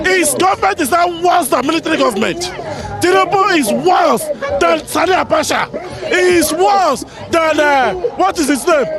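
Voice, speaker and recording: A man, a protester declaiming in a street interview. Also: extremely high pitch. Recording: crowd noise outdoors.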